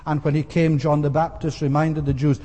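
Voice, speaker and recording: A man preaching a sermon earnestly and emphatically, often pausing with "uh" as he explains. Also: on the high side, little pitch movement, warm tone. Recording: long hall reverb.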